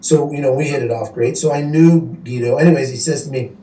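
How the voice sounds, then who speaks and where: A man from Canada, a guest telling fishing stories in a casual, animated way and laughing as he goes. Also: mid-range voice, quick pace. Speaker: guest angler. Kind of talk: casual storytelling. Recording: echoey room, voice from a distance, faint hiss.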